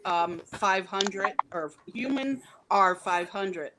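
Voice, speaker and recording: A woman's voice: medium pitch, animated, slow pace, very noisy. A woman in a casual group chat, talking hesitantly with many ums and restarts.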